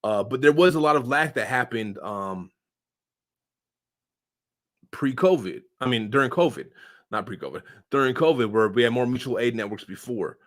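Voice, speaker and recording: A man's voice: medium pitch, moderate pace, long pauses. Man, online commentator, casual unscripted talk, slangy, lots of fillers, volume jumps up and down. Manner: loose and slangy, many fillers, sudden swings in loudness.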